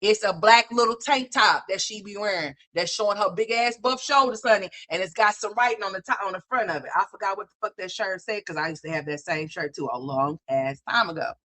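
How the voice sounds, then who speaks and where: A woman's voice: fairly quick, hardly any pauses. A woman hosting a livestream, giving profane, brash, scolding commentary full of slang. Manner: animated, swings between loud and low. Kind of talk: ranting commentary.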